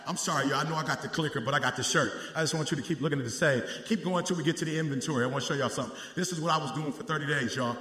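A man preaching a sermon in call-and-response style, climbing into shouted peaks and dropping back to quick asides to the congregation. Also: on the high side. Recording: echoey hall, roomy.

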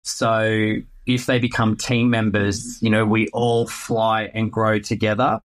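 A man, a real estate agent answering interview questions in a playful, animated way. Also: on the low side.

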